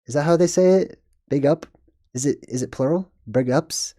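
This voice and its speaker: Chatty, rambling man with a warm voice. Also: on the high side, normal speed, no room sound, studio quality. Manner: rambling, chatty, laughs at himself. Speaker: live stream host. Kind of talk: casual live-stream chat reading comments.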